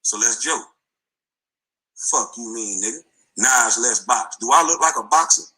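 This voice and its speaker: A man's voice: medium pitch, moderate pace, sharp tone, breathy edge, poor audio. A middle-aged man, a former basketball player, delivering an angry, taunting rant full of insults in a played clip.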